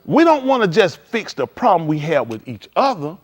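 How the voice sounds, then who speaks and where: A man preaching in a casual, conversational style, swinging from quiet to loud and acting out conversations. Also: high voice, moderate pace. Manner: animated, shifting between quiet and loud, acts out dialogue. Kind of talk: livestreamed sermon.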